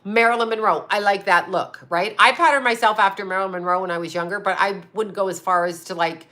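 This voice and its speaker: Middle-aged woman host, bright and forceful voice, loose rambling chat with casual swearing. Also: medium pitch, fairly even intonation, quick pace. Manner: rambling, swears, reads viewer comments aloud. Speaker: psychic channel host.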